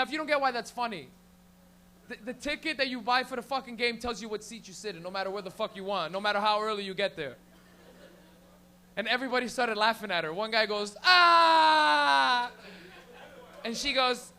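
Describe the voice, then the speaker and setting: Slight background noise surrounds a man's high, bright, forceful voice. The Canadian host of a small-lounge open mic comedy night, he swears his way through rapid, rambling stories on a handheld mic.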